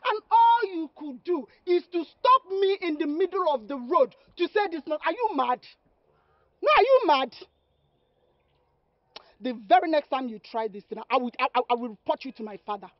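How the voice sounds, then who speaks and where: A woman's voice: high voice, expressive, a little fast, hardly any pauses, no echo. A woman playing a proud young woman who sharply scolds a man pestering her. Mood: angry. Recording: dry, dull lo-fi audio.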